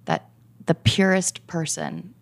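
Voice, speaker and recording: A woman who is a podcast guest, speaking in soft, searching, halting phrases. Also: on the low side, fairly even intonation, gravelly. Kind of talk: casual conversation.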